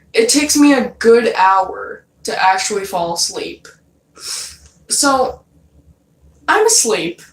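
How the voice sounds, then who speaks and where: A young woman telling a dream story in a loose, casual way, swearing often and leaning on fillers. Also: medium pitch. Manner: loose and profane, many fillers. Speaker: vlogger. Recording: roomy, from a distance off mic.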